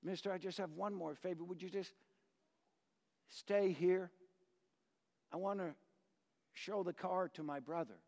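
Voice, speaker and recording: A shy, earnest little boy, as a gravel-voiced preacher puts him on, speaking quietly and slowly. A long hall reverb trails every word. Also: on the high side, lively intonation. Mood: tender.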